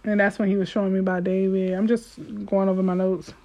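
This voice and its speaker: A woman giving an informal spoken devotional to her listeners. She talks emphatically and repeats her key lines, swinging between fervent outbursts and quiet asides. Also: medium pitch, little pitch movement, quick pace. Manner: emphatic and repetitive, addressing listeners directly. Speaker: devotional speaker.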